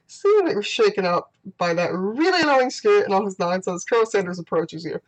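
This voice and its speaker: A woman's voice: mid-range voice, very animated, brisk, hardly any pauses, poor audio. A woman playing through a dating game, reading its text aloud with playful, giggly asides. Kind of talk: casual gameplay commentary.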